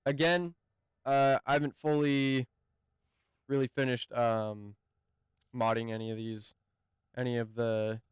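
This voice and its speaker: A man hosting a casual game review, talking in a hesitant, halting way and often searching for words. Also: medium pitch, little pitch movement, clear, resonant tone, no room sound. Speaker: gaming channel host.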